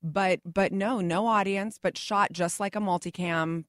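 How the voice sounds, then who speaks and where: A woman's voice: mid-range voice, steady tone, a little slow, no room sound, studio quality. A middle-aged actress, a guest in a casual interview, telling stories animatedly and acting out the people she quotes.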